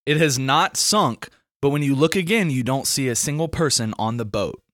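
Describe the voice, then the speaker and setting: A young man from Alabama, hosting a casual podcast and reading riddles in a playful, drawn-out way. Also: medium pitch, a bit bright, dry recording, clean studio sound. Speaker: podcast host.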